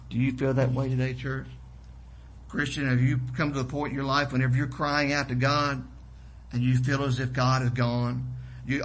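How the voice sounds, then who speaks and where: A man's voice: mid-range voice, fairly bright tone, rough recording. A man preaching a sermon to his church, reading scripture and crying out with rising passion. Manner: impassioned preaching with rising cries. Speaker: pastor.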